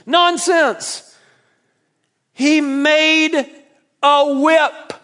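A male pastor with a Southern US accent preaching a sermon, emphatic and jokey, swinging between loud declarations and soft asides. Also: high-pitched, expressive, a little slow.

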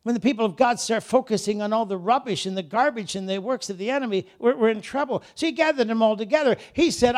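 High-voiced preacher who shouts and whispers. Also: male voice, fast talker, hardly any pauses. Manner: dramatic, swings between shouting and quiet asides; acts out characters in voices. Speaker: guest preacher. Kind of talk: Pentecostal-style sermon. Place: church service.

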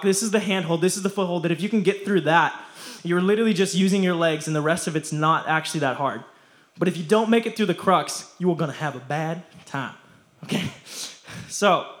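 A man's voice: high-pitched, fairly bright tone. A young man preaching a casual youth sermon, slangy and playful, often laughing as he talks.

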